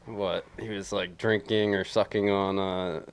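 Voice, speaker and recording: Co-host, man: deep voice, laid-back, hesitant delivery full of fillers. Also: level tone, unhurried, slight background noise. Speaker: podcast co-host. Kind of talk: casual chat.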